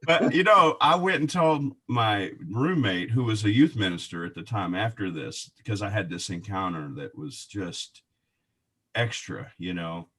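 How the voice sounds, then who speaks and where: Man, guest, husky voice, bright tone, animated faith story, laughs often, restarts. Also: on the low side, a little slow.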